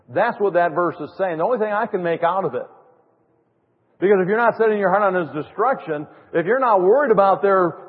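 A man preaching a sermon in an emphatic way, with sarcastic mock quotes. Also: sits high. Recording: tinny phone-like audio in a reverberant hall.

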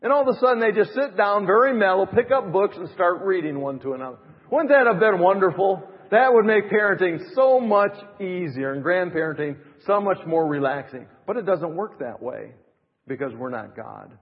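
A middle-aged man preaching a sermon as pastor, building to emphatic rising phrases and dropping to soft asides. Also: high voice, expressive, moderate pace. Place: church. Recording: reverberant, dull church recording.

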